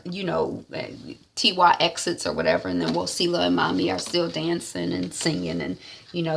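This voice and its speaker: Gravelly-voiced woman recapping a show. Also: lowish voice, fairly bright tone. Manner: chatty, acts out the characters. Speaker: series reviewer.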